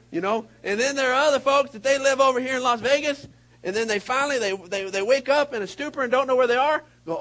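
A man preaching a sermon to a congregation, telling a story with sudden shouted bursts and quiet asides. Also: very high-pitched, quick pace, poor audio. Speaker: pastor. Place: church hall before a congregation.

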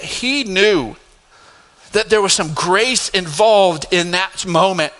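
Bright animated pastor in a reverberant hall. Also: male voice, slow. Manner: animated, laughing asides, rising to emphatic highs. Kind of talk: sermon storytelling. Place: church sanctuary.

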